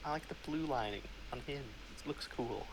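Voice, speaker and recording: A man's voice: medium pitch, moderate pace, noisy background. A man chatting as a player at a tabletop game, often exasperated. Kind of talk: casual game table chat.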